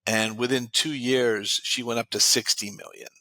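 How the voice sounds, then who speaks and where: A man's voice: mid-range voice, fairly even intonation, normal speed, creaky, pushed and bright, no echo. A man, a guest expert in an interview, telling client success stories and quoting what they said. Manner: retells client stories with many quoted lines. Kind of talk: interview storytelling.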